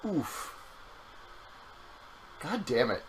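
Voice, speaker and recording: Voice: medium pitch, sing-song, drawn-out words, slight background noise, rough recording. Sassy, teasing game streamer. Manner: sassy, teasing, swears often. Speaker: game streamer playing through the game. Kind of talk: casual gameplay chat.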